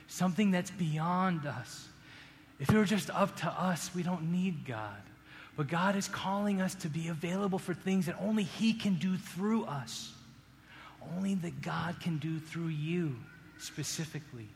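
Earnest guy preaching, kinda high voice, big echoey church. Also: a little slow, long pauses, a little hiss or hum. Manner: earnest, swings from raised emphasis to hushed appeals. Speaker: pastor. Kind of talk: sermon. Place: church sanctuary. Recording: long hall reverb, faint room ambience.

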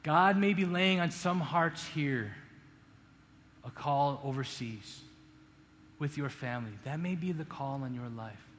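A man preaching a sermon as pastor, earnest, rising to emphatic peaks and dropping to hushed appeals. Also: a little high, a little slow. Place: church sanctuary. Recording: long hall reverb, faint room ambience.

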